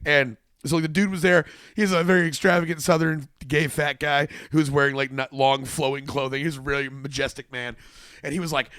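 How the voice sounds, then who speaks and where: A man, a touring stand-up comedian, telling stories in casual chat, profane and animated, with stammering restarts. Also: on the high side, fairly quick, smooth, no echo, clean studio sound.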